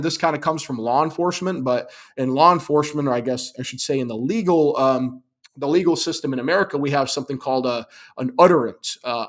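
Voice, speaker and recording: A man's voice: medium pitch, a bit bright. A man hosting a live show, teaching in an emphatic, conversational way, often checking in with "okay?". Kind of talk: live-stream teaching talk.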